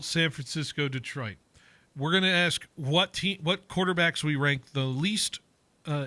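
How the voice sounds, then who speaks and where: A man hosting sports radio with a bright, forward tone and a slightly high pitch. He chats casually and rambles, cutting himself off mid-thought, and the studio sound is dry and close. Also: dry recording. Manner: chatty, rambling, self-interrupting.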